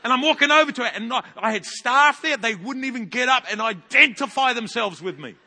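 Bright-voiced New Zealand pastor preaching. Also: male voice, very high voice, fairly quick. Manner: animated storytelling with big loud rises. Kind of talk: sermon. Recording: long hall reverb.

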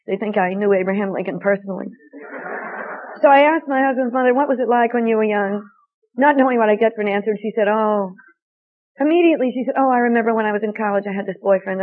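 An older woman telling a personal story to an audience, earnestly acting out the quoted dialogue. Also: mid-range voice. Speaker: speaker. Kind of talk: storytelling talk. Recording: narrow tinny phone-like sound.

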